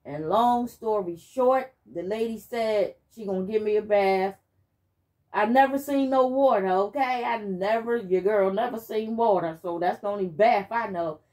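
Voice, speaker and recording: Woman host, personal testimony, emphatic storyteller addressing viewers, mid pitch. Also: unhurried. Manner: animated, emphatic, addresses listeners directly. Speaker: channel host giving testimony.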